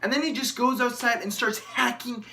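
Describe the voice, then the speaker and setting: A bright, sharp-toned reviewer rambles through a casual TV episode recap at a middle pitch. The delivery is sarcastic and full of fillers, and keeps stopping to chuckle or search for character names. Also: steady tone, normal speed, creaky, a little hiss or hum.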